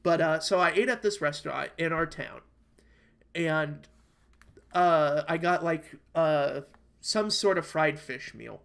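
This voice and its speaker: Young man, American accent, slightly high voice, profane, rambling, casual podcast rant. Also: takes it slowly, creaky, a bit bright. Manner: rambling, profane, worked-up storytelling. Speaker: podcast co-host. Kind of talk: casual chat. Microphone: online call microphone.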